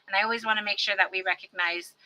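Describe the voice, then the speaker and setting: Bright-voiced woman hosting a virtual event. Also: mid-range voice, fairly even intonation, fast, low-quality recording. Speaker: host.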